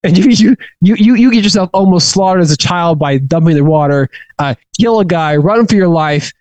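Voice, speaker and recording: A man teaching a Bible study in an informal, chatty way, halting with frequent restarts and chuckles. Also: high voice, animated, darkish tone, no room sound, low-quality recording.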